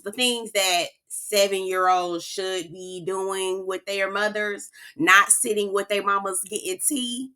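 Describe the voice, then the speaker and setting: A woman dishing on reality TV in a sassy, profane, animated way. Her voice is bright and forceful and sits in a middle pitch. She laughs often and peppers every thought with "girl.". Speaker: reality TV recap host. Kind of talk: casual recap commentary.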